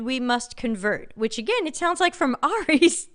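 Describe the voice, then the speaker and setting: A woman's voice: high voice, very animated, moderate pace, a bit bright. Blunt woman with light New York accent. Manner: blunt, sardonic, reads chat comments aloud. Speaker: livestream host. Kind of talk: live-stream commentary.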